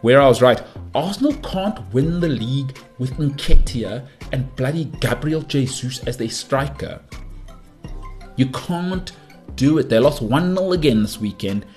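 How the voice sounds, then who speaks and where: A man's voice: mid-range voice, unhurried, faint music behind. Brash man ranting on a podcast. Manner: brash, animated, rambling with asides. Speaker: podcast host. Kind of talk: opinionated football podcast monologue.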